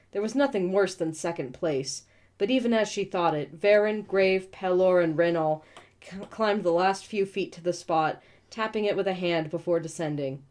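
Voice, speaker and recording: A woman reading a novel aloud and breaking in with snarky, profane asides. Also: on the low side. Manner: snarky, profane asides between read passages. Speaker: book reviewer reading aloud.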